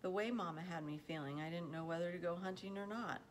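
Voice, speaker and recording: Woman audiobook reader; deep-set voice, measured, expressive delivery. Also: a little hiss or hum. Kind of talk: audiobook narration.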